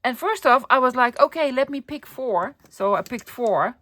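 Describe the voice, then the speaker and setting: A middle-aged woman, chatting excitedly to camera about her thrift finds and often dropping to a whisper. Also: high voice, moderate pace, dry recording. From Netherlands. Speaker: vlogger showing a thrift haul. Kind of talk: casual chat to camera.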